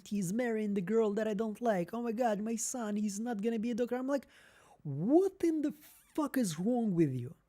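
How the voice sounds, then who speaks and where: A man's voice: fairly high pitch, dark tone. A young man with a non-native English accent, chatting candidly and rambling on a live stream as host. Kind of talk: casual live-stream chat.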